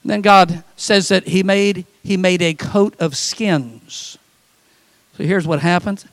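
Male pastor, middle-aged, high voice, dry close mic; lively sermon delivery with acted quotes. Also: slow pace, no room sound. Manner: animated preaching with quoted voices and humor.

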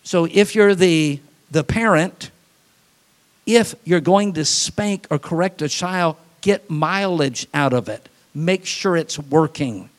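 Folksy preaching pastor, a man. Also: fairly high pitch. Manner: folksy preaching, quick asides and acted-out voices. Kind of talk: sermon.

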